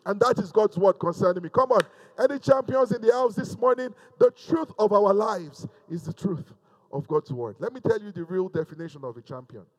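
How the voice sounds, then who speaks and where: A man preaching a sermon to a camera, swinging from loud fervent exhortation to quiet, intimate asides. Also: sits high, expressive, a little fast. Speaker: pastor. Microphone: speaking to a camera.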